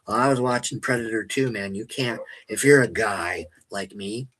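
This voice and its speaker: A middle-aged man who runs a paranormal investigation channel, talking candidly to his viewers in a blunt, profane and defiant way, stressing words slowly for emphasis. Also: fairly low pitch, a bit bright, slight background noise, poor audio. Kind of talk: candid personal monologue to stream viewers.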